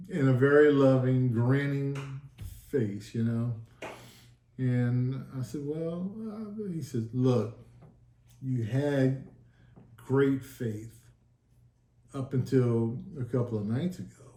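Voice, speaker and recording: A man's voice: medium pitch, takes it slowly, mellow. A man telling his testimony in a casual sit-down talk, earnest and emotional, acting out the dialogue he recalls. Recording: echoey room.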